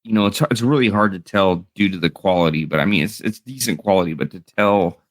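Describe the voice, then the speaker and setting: A man's voice: sits low, a little fast, no echo. A man in his thirties chatting casually as a co-host, rambling and swearing loosely. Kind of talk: casual chat.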